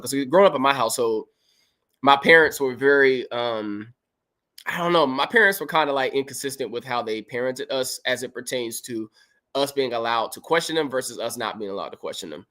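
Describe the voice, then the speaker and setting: A man's voice: mid-range voice, fast, a bit bright. A man hosting a livestream, reading Bible verses aloud and commenting on them in an emphatic, preachy way. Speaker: podcast host.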